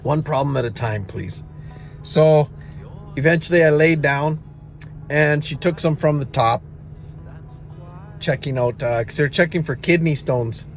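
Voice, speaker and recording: Middle-aged man vlogging in back pain, somewhat high voice, rambling and self-deprecating, faint music behind. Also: unhurried, long pauses. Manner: rambling, self-mocking, chuckles at own jokes. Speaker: vlogger and songwriter. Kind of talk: casual storytelling to viewers.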